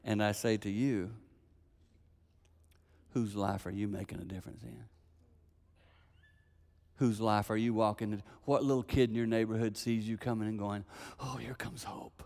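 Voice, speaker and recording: Older male preacher, gravelly voice, animated storyteller, live hall reverb. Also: lowish voice, normal speed, long pauses. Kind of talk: sermon storytelling.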